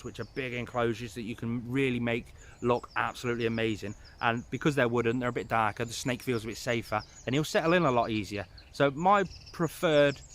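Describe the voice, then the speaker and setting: A man of middle pitch talks loosely through a list of tips, losing track of where he is and doubling back. He is recorded outdoors, and his tone stays easy and conversational. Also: fairly bright tone, a little hiss or hum. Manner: rambling, loses his place, chatty asides. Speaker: reptile keeper giving pet advice. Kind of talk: casual advice vlog. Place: outdoors in the rain.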